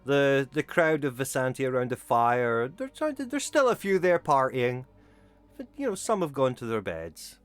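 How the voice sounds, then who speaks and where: A man's voice: mid-range voice, huge pitch swings, normal speed, smooth, faint music behind. A man narrating loosely as game master of a tabletop game, rambling with fillers.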